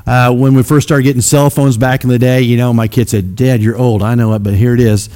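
A man's voice: mid-range voice, flat delivery, fairly quick, a little mellow. A middle-aged man from Missouri giving a folksy storytelling talk to a church audience, rambling and self-deprecating with many fillers.

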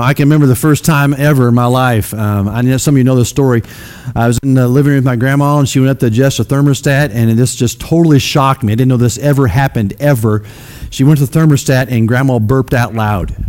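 A man's voice: mid-range voice, darkish tone. A middle-aged man from Missouri giving a folksy storytelling talk to a church audience, rambling and self-deprecating with many fillers.

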